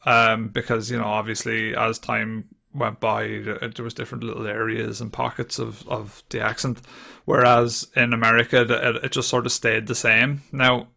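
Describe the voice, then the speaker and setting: A man's voice: medium pitch, level tone, normal speed, vocal fry, bright, forceful tone. A man co-hosting a casual podcast who rambles through theories, swearing and laughing as he talks. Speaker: podcast co-host. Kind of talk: casual chat.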